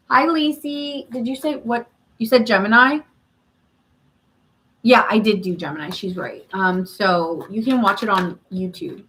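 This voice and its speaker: A woman's voice: fairly high pitch, a bit bright, slight background noise, poor audio. A woman hosting a live tarot reading stream, chatting casually and answering viewer comments with frequent laughs.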